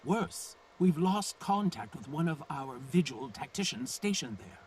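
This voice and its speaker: Distant, commanding game officer. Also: male voice, on the high side, big pitch swings, unhurried. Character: male military officer giving a briefing. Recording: distant, noisy game audio.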